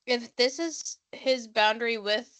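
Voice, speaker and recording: A woman's voice: a little high, unhurried, fairly bright tone. A woman co-hosting a podcast, reacting bluntly in casual chat about reality TV. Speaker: podcast co-host.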